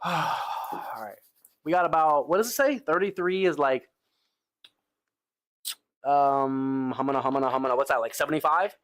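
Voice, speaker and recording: A man's voice: on the high side, moderate pace, pauses often, a bit bright. Laid-back young male gym streamer. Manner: laid-back, talks to chat with lots of "bro" and "like". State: tired arms after lifting, sighing between sets. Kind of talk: casual live-stream chat.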